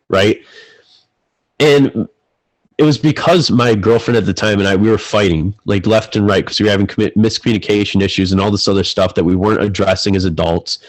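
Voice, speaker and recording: Candid young man, lowish voice. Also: low-quality recording. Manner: candid, emotional, repeats words when excited. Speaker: podcast guest. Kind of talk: personal storytelling.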